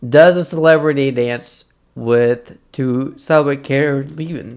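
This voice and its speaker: A man's voice: mid-range voice, a little slow, a little mellow. A man streaming casual reaction commentary, laughing often, swearing, and telling stories with animation.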